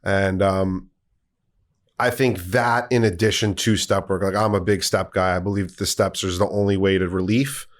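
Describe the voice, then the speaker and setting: A man's voice: low voice, steady tone, normal speed. A young man hosting a podcast, friendly and leading his guest through the talk. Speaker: podcast host. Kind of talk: casual interview chat.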